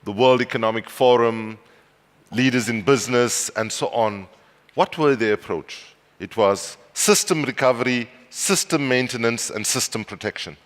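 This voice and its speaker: A South African man with a medium-pitched voice delivers a conference speech at a moderate pace, his words carrying long reverb through a large hall. He tells anecdotes with wry humor and builds up to emphatic passion.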